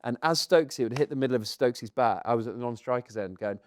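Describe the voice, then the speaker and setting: A man in his thirties, a podcast co-host, telling a lively anecdote to a live audience, acting out quotes and often laughing. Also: mid-range voice, quick pace, heavy background noise. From England. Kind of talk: animated storytelling to a live audience. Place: stage in front of a live audience.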